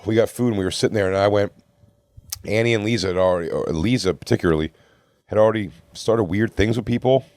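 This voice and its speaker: A man's voice: lowish voice, fast talker, a little mellow, no room sound. A man co-hosting a comedy podcast, telling a rambling, profane story and acting out what others said. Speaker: podcast co-host. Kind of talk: casual storytelling among friends.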